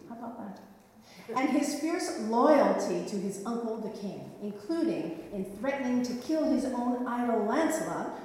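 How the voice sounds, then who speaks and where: A woman storyteller relating an old legend in a reflective way, dropping gently wry asides. Her voice sounds distant from the mic and washes around a long, reverberant hall. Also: medium pitch, a little hiss or hum. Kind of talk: telling a myth. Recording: echoey hall, mic far off.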